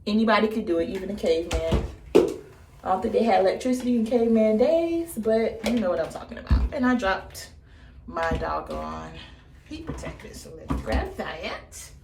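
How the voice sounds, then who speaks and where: An American hair vlogger in her thirties chats casually on camera while styling her hair, playful and jokey, calling her viewers "baby" and "y'all." Her mid-range, gravelly voice is expressive at a normal pace, with background noise and an echoey room.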